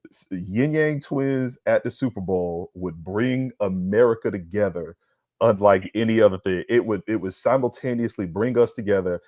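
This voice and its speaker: A man hosting a podcast in a casual comedic rant, loud and profane, always tacking on "all right?". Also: on the low side, moderate pace, no room sound, highs cut off. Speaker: podcast host.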